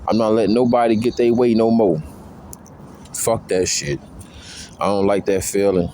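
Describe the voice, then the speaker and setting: A man's voice: lowish voice, steady tone, moderate pace, mellow, a little hiss or hum. A man talking to the camera in a slangy, profane, rambling way, telling stories about his past relationships. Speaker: vlogger. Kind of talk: casual monologue.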